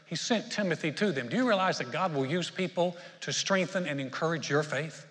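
A man's voice: on the high side, animated, a little fast, fairly bright tone, long reverb tail. A pastor preaching a sermon, telling a joke story and then urging his listeners with growing emphasis. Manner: storytelling with jokes, rising to emphatic exhortation. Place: church sanctuary.

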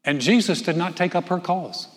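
Man, pastor, sermon, folksy, conversational, joking asides, higher voice, long church reverb. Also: normal speed. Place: church sanctuary.

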